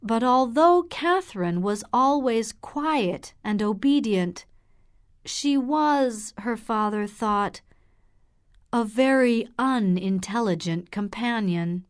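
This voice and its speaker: Very slow woman narrating a story. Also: fairly high pitch, lively intonation. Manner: very slow and clear.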